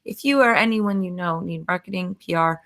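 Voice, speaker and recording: Lady hosting a chat show, bright voice, casual and teasing. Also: on the low side, gravelly. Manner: chatty and upbeat, quick to tease. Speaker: podcast host.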